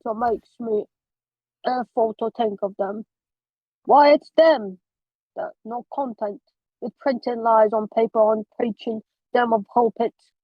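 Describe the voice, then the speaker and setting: A woman reading aloud as a gruff old man with a thick rural dialect, halting over the odd words. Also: on the high side, steady tone, no room sound, dull audio. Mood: grumbling. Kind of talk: amateur read-aloud of a novel.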